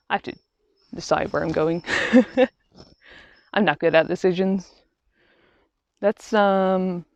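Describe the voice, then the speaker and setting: A woman talking through a reflective vlog while out on a quiet walk in nature, halting and thoughtful, often restarting her sentences. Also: fairly low pitch, no room sound. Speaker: vlogger. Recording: dull, slightly lo-fi sound.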